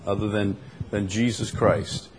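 A man's voice: fairly low pitch, level tone, a little slow, a loud crowd. A man leading a church Bible study, preaching emphatically with repeated phrases and rhetorical questions.

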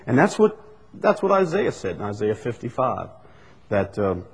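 A man's voice: mid-range voice, big pitch swings, moderate pace, gravelly, breathy edge. A male pastor, preaching a sermon with repeated, emphatic lines that rise in bursts. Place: church sanctuary. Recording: long hall reverb.

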